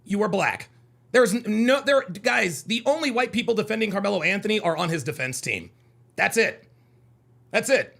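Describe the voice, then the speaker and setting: Guy ranting on his live stream, high and animated, kinda gravelly, mocking and pushy. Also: moderate pace. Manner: combative, mocking, repeats himself. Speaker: live call-in show host. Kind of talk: heated live-stream commentary.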